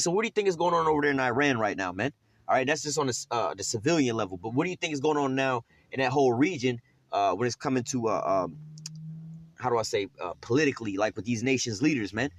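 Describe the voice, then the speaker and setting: A man's voice: mid-range voice, dry recording. A man giving an informal, streetwise scripture teaching, rambling and profane, with many fillers and restarts.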